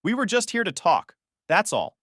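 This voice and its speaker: A man's voice: high voice, wildly swooping pitch, normal speed, a bit bright, no echo, clean studio sound, pitched above the performer's own voice, full character voice. A man playing a bitter, scheming father. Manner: falsely casual, then venomous. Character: bitter, manipulative middle-aged father.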